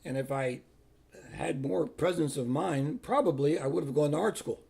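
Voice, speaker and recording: An older man tells the story of his years as a priest in a plain, unhurried interview style. His voice is gravelly and husky, with a dark, mellow tone. When he quotes other people, he acts out their words. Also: on the high side, animated. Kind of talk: personal storytelling.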